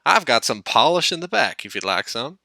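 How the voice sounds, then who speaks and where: A man's voice: medium pitch, big pitch swings, a little fast, vocal fry, pushed and bright, dry recording, voice pushed up, exaggerated voice. A man voicing a cheerful, helpful female lorry in a raised, chirpy voice.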